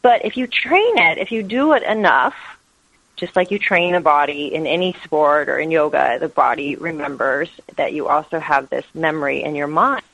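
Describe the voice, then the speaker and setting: A woman's voice: deep voice, moderate pace, gravelly, a bit bright, no echo, poor audio. A woman yoga teacher, a guest in an interview, talking about spirituality in an earnest, flowing way. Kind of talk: interview answers.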